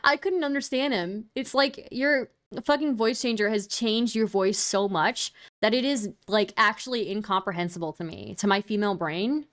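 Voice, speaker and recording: A woman's voice: mid-range voice, normal speed, hardly any pauses, a bit bright. A young woman streaming, reacting to clips in casual commentary, sarcastic and exasperated, swearing freely.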